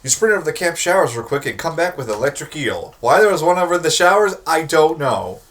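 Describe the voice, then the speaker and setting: A man's voice: fairly high pitch, sing-song, fast talker, fairly bright tone. Young man reading game text aloud. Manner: playful, reads with dry asides. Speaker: host, game narrator.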